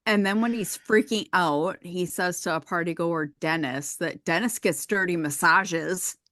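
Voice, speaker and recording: A woman's voice: fairly low pitch, unhurried, fairly bright tone, no room sound, studio quality. A woman guest on a podcast, casually recapping scenes and quoting characters. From rural area. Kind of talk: casual chat.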